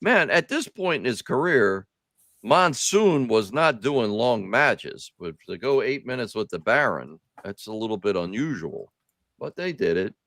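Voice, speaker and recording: A man's voice: mid-range voice, sing-song, a little slow, fairly bright tone, no echo, studio quality. Rambling, salty-mouthed male host. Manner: rambling, profane, nostalgic. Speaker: podcast host. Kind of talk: casual chat.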